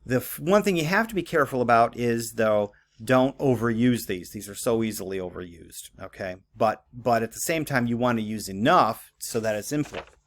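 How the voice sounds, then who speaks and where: A man's voice: mid-range voice, expressive, normal speed. Man giving a casual writing lecture. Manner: conversational, many fillers and "okay?" checks. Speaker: writing teacher. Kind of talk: recorded classroom lecture.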